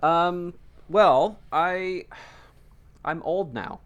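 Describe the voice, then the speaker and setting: A man's voice: high voice, extremely slow, a bit bright, dull audio. Hesitant man in his thirties. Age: 30s. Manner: hesitant, filler-heavy. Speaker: podcast co-host. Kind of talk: casual podcast chat.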